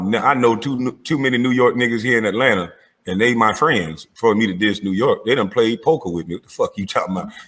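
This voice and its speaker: A man's voice: lowish voice, fairly bright tone, breathy edge. A man trash-talking in a casual, blunt and taunting way.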